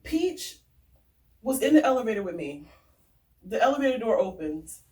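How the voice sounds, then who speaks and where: Give me an animated woman vlogger, ranting casually, her voice fairly high. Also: moderate pace, far from the mic, slight background noise. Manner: animated, swearing, slangy. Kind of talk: casual storytelling rant.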